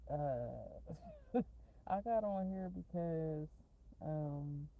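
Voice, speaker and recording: Woman, casual vlogger; low-ish, warm voice; swears freely, drifts off on tangents. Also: sing-song, extremely slow, low-quality recording. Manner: rambling, profane, tangent-prone, laughs often. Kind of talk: casual rambling storytime vlog. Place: in a parked car.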